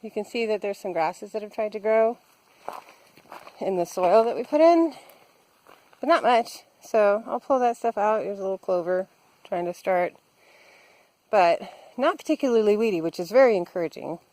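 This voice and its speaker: A woman's voice: mid-range voice, lively intonation, moderate pace, long pauses, a little mellow, rough recording. A woman chatting casually as she vlogs her garden work, thinking aloud with fillers, recorded outdoors. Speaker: vlogger. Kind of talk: casual garden vlog narration.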